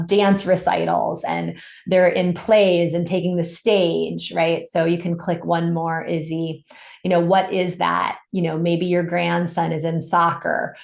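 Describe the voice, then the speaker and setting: A woman's voice: fairly low pitch, gravelly, a little mellow. Encouraging woman coach, echoey room. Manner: upbeat, encouraging, reads chat comments aloud. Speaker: summit host and business coach. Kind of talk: live webinar coaching talk. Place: home in Santa Cruz.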